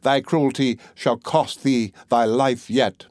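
A man voicing a small, relentless female sparrow in a storybook, speaking slow, solemn threats. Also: medium pitch, fairly even intonation, darkish tone, no echo, natural voice. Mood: grim.

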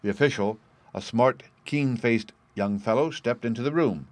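A man reading a novel aloud in steady, measured storytelling narration. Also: medium pitch, no room sound. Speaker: audiobook narrator. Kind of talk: scripted narration.

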